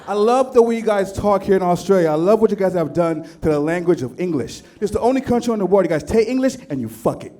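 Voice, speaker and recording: A man's voice: sits high, lively intonation, fast talker, few pauses, background noise. An American man doing a stand-up routine on a comedy club stage, brash and profane with punchy delivery. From United States.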